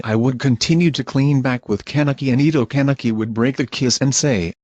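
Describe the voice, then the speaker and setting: A male text-to-speech voice narrating fan fiction in an even, machine-like way. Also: mid-range voice, normal speed, hardly any pauses, dry recording, dull audio.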